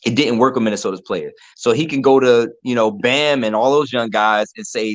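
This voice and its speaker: A man co-hosting a casual sports chat, relaxed, often repeating words as he talks. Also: mid-range voice, a little fast, hardly any pauses, no room sound.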